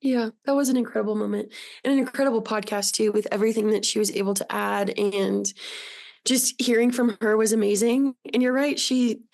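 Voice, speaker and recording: Woman, fairly high voice, casual interviewer, friendly and affirming. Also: fairly even intonation, a little fast, vocal fry, a little mellow. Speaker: podcast co-host interviewer.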